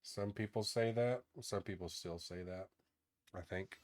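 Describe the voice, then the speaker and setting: Deep-voiced soft-spoken Texan man. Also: a little slow. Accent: soft Southern Texan. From northern Texas. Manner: soft-spoken with a gentle lilt. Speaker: game streamer. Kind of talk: relaxed casual chat while gaming.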